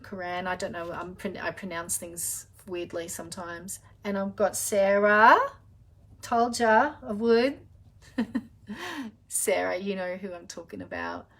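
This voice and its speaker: A woman's voice: fairly low pitch, steady tone, a little slow. A middle-aged woman, hosting a live spiritual reading session in a chatty, affectionate way, calling viewers darling and honey with many filler sounds. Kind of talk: casual live-stream chat.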